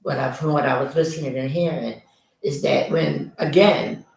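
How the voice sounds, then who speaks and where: A woman's voice: deep voice, fairly even intonation, moderate pace, vocal fry, darkish tone, very echoey, recorded from a distance. A woman host chatting casually with her guest, with short affirming replies. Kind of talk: casual interview chat.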